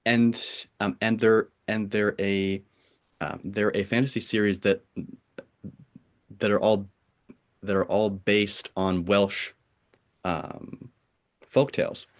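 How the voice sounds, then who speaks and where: A man hosting a casual conversation, talking in a hesitant, halting way with many restarts. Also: fairly low pitch, level tone. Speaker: podcast host.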